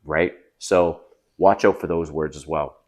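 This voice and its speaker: Speaking to the camera, a middle-aged man shares dating tips in a deep, low voice. He's relaxed yet emphatic, frequently checking in with his listener, and his pacing runs a little slow with fairly even intonation.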